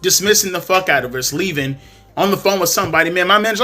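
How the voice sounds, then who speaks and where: Heated vlogger man, profane, sharp tone, slightly high voice. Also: fast, soft background music. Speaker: commentary vlogger. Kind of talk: ranting commentary and storytelling.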